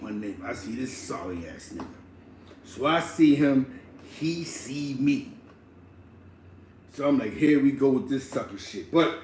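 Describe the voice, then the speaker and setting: Slangy guy telling a wild story, voice jumps all over, kinda far from the mic in an echoey room. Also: medium pitch. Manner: slangy, laughing, acts out the people in his story. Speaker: guest telling a street story. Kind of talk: animated casual storytelling. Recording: roomy echo, distant mic, faint ambience.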